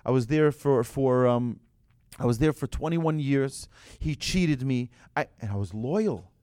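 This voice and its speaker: A man's voice: medium pitch, measured pace, dark tone, no echo, clean studio sound, close to an everyday voice. A man voicing a loyal, aggrieved man who stammers through his sacrifices.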